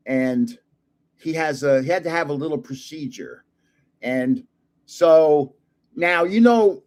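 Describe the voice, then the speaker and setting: An older man hosting a card-opening video, chatting and rambling into funny stories that make him laugh. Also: a little high. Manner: rambling, chatty storyteller who laughs at his own jokes. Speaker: card collector channel host. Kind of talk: casual chat while opening cards.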